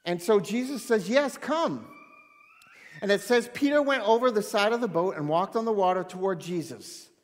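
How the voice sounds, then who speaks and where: A man preaching a sermon, animated, swinging between loud excitement and hushed intensity. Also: sits high, a little fast, hardly any pauses. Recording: long hall reverb.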